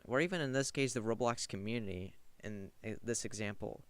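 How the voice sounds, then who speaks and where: A man's voice: lowish voice, moderate pace, clean tone, no echo. A young man giving casual, rambling commentary on a game, often filling gaps with "like". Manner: rambling, heavy use of "like". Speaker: gaming commentator.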